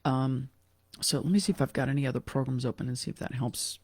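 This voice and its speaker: A woman giving a casual online piano lesson, talking in a relaxed, chatty way with fillers and self-corrections. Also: very deep voice, fast talker, slightly rough, no echo. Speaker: piano teacher. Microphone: computer mic during a screen share.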